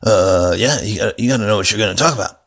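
A man's voice: on the low side, quick pace, a bit bright, husky, voice pushed down. A man mimicking a friend who lectures him in a lazy, mumbled tone. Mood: lecturing. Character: know-it-all male friend giving advice.

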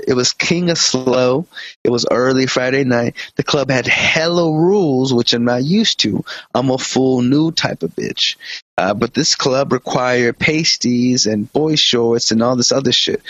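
A male podcast co-host reading a story aloud in a profane, animated way, with quick comic asides. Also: medium pitch, no room sound. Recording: dull lo-fi podcast audio.

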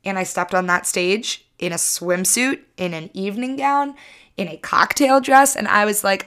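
A woman's voice: medium pitch, lively intonation, moderate pace, a bit bright, clean tone. A woman in her twenties hosting her own podcast, talking alone in an upbeat, chatty way and teasing herself now and then. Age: 20s. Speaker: podcast host. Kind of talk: solo podcast monologue.

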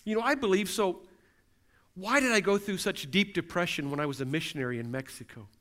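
A middle-aged man delivers a sermon in a high, light voice. He preaches earnestly, stacking question after question in a steady refrain. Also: brisk. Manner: earnest, repetitive rhetorical questions. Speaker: pastor.

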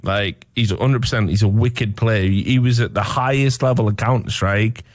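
A Welsh man guesting on a podcast, drunk and swearing, teasing the others and breaking into loud mocking voices. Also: lowish voice, fairly even intonation, moderate pace, no echo, studio quality. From Wales. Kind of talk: casual banter.

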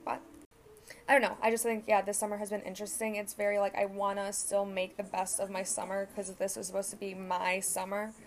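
A woman's voice: mid-range voice, monotone, brisk. Chatty young woman rambling solo. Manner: rambling and chatty, lots of "like", swears freely; self-correcting, conversational storytelling. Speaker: podcast host. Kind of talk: casual solo chat.

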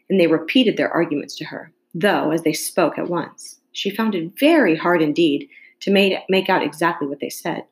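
Female reader with a lowish voice, reading a classic children's tale aloud at an even pace. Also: low-quality recording. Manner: steady unhurried reading, occasional slips corrected mid-phrase. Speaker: storybook reader.

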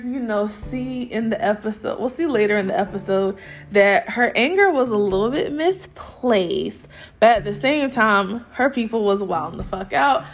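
Chatty, high-voiced young woman host. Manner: animated, profane, laughing storyteller. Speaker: podcast host. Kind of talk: casual TV episode recap.

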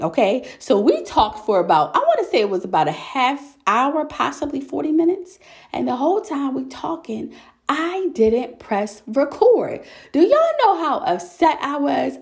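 A young woman podcast host chatting casually, telling a story in an animated way and calling her listeners y'all. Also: fairly high pitch, vocal fry. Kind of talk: casual solo chat.

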